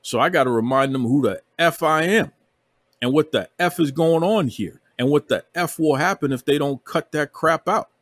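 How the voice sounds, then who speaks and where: A man's voice: on the high side, moderate pace, fairly bright tone, no room sound, studio quality. A man hosting a wrestling podcast, ranting with heavy emphasis and calling people out by repeating himself. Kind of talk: heated podcast rant. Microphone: remote podcast recording.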